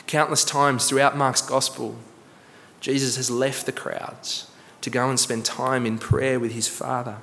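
A man preaching a sermon as pastor, earnest, slowing for emphasis and repeating words. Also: mid-range voice, flat delivery, a bit bright, slight background noise. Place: church hall. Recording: long church reverb.

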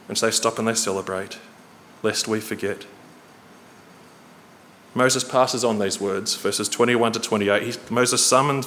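A man preaching a sermon in a church hall, earnest and storytelling, slowing and quickening for emphasis. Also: mid-range voice, fairly bright tone. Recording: reverberant hall, faint noise.

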